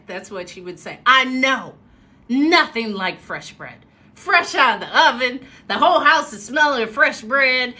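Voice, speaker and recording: Animated woman telling a story. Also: on the high side, a little slow. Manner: animated, expressive, acts out quotes. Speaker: motivational speaker. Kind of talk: casual storytelling on a livestream.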